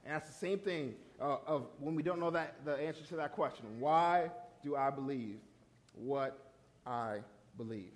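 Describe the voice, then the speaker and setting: A man's voice: a little high, moderate pace. Upbeat young man preaching to youth. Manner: lively, conversational, often asks "right?". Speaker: youth pastor. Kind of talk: sermon.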